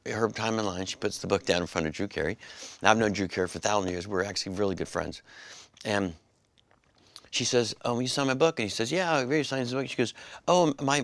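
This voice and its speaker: A middle-aged comedian guest telling animated anecdotes in casual chat, full of quick asides. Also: male voice, fairly low pitch, no echo. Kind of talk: casual interview chat, storytelling.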